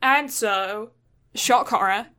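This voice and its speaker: Bright, chatty young woman recapping a film. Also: on the high side, takes it slowly. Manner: chatty storyteller, lots of fillers. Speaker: podcast co-host.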